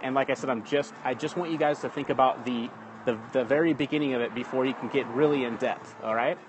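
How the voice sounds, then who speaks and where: Outdoors with a noisy background, a fast-talking man with a mid-range voice and steady tone teaches communication basics over a phone livestream. His style is chatty; he repeatedly asks "okay?" and greets viewers as they arrive.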